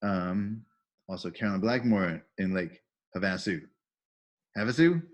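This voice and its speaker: A man's voice: lowish voice, moderate pace. A middle-aged man hosting a video call training, casually welcoming people and cheerfully reading out chat messages with praise. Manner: enthusiastic, reads out chat messages with upbeat praise. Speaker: volunteer trainer and call host.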